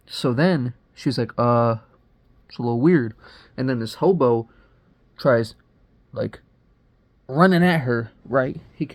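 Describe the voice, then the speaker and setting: A man's voice: mid-range voice, darkish tone. Young man rambling through a profane movie recap. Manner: rambling, profane and slangy, full of fillers. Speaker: movie reviewer. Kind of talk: casual spoiler recap.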